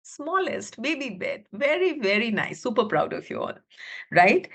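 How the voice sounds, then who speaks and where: Over a video call's computer mic, a woman with a South Asian English accent leads a storytelling webinar as a teacher trainer, narrating a children's story with great animation. Her voice is a little high, a bit bright, and slightly rough at a normal speed, and she whispers for suspense and questions the audience.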